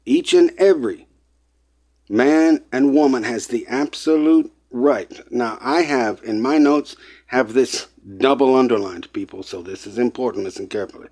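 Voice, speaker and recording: An online presenter with a medium-pitched, slightly mellow voice speaks at normal speed. He delivers an impassioned lecture, emphatically repeating his points and getting worked up as he addresses his listeners as people.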